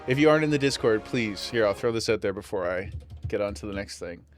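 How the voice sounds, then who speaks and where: A man's voice: lowish voice, animated, fast talker, soft background music. Chatty playful gaming streamer, a man. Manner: chatty, playful, self-mocking. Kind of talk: casual gameplay commentary.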